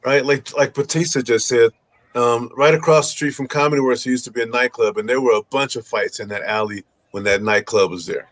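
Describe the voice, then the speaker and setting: A man's voice: medium pitch, a little fast. A man hosting a casual chat, telling stories with lots of swearing. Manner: animated, swears a lot, acts out quoted people. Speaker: podcast host.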